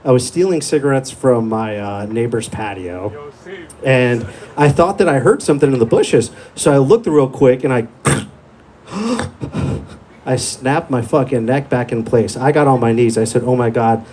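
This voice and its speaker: A man's voice: medium pitch, normal speed, darkish tone. A young man doing a crude, profane stand-up set in a small comedy club, telling stories in a laid-back way into a handheld mic.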